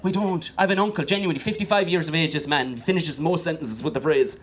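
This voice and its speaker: A man's voice: fairly high pitch, quick pace, fairly bright tone, slight background noise. A young Irish man doing a stand-up comedy set. He talks with energy, swears freely and acts out the voices of the people in his stories. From Ireland.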